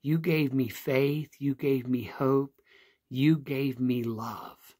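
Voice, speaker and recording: A man's voice: medium pitch, steady tone, slow pace, warm tone. A pastor voicing a grateful homeless man.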